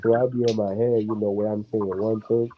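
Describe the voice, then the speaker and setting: A man in a casual reflective chat, speaking in a relaxed way and leaning heavily on "you know" fillers. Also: on the low side, brisk. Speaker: panel guest. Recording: muffled lo-fi with faint noise.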